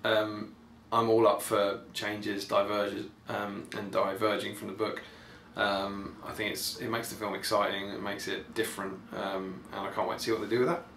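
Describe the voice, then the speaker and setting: A man's voice: on the low side, flat delivery, normal speed, fairly bright tone. A man hosting a podcast, giving casual, rambling and enthusiastic commentary full of ums. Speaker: podcast host. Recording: echoey room, faint background noise.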